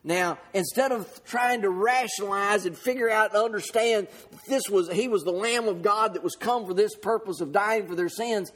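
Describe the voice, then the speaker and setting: A man's voice: high voice, normal speed, fairly bright tone. A man preaching a sermon in a folksy, conversational way, many fillers and restarts. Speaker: pastor.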